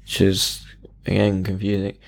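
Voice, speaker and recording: A man's voice: deep voice, completely flat delivery, a little slow, vocal fry. A young man from England co-hosting a podcast, musing hesitantly with dry, self-deprecating humor. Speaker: podcast co-host. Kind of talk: casual podcast chat.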